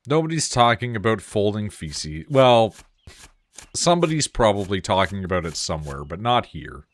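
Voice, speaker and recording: A man's voice: fairly low pitch, sing-song, normal speed. A man streaming a game, chatting casually with friends, joking and swearing loosely. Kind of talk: casual gameplay chat.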